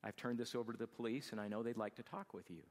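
Low-voiced man telling a story in a hall. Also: fairly even intonation. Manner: quiet, slow and hushed at tender moments. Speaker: speaker telling a personal story. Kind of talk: emotional personal testimony.

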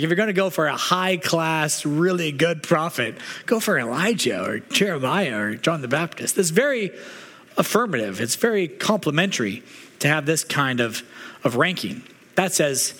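Man preaching a relaxed sermon. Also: a little high. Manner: conversational preaching, with casual asides. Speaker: pastor.

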